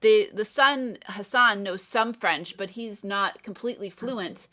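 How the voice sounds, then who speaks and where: A woman's voice: medium pitch, a little slow, bright, forceful tone. A woman English tutor talking through a film in a thoughtful, explaining way. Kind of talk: casual chat about a film.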